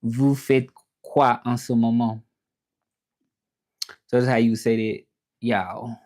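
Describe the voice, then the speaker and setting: Speaking slowly in a mid-range voice, this Southern-accented interpreter and livestream host keeps the chat easygoing and talkative. He tends to repeat phrases and sprinkles in bits of French.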